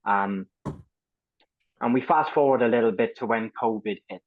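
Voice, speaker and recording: A man's voice: mid-range voice, normal speed, dry recording. Give me a man in his thirties telling his story plainly, slightly muffled and dry. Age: 30s. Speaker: guest. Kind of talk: casual storytelling interview.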